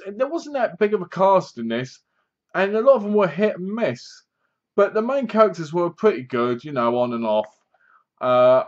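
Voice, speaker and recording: A man's voice: high-pitched, muffled recording. A man giving a casual, rambling spoken review of a horror film, often restarting his sentences. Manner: rambling, loose, many restarts. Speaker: movie reviewer.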